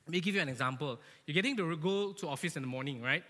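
A man giving a lively, joking sermon to a church, animated and often asking his listeners "right?", in an echoey church hall. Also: a little high, fast talker. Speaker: church speaker.

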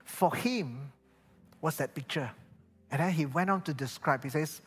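A man's voice: on the high side, measured pace, pauses often, a bit bright, slightly rough. A male pastor with a Malaysian English accent, preaching and telling a story, acting out the people he quotes. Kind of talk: sermon. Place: church hall. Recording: reverberant hall with faint music behind.

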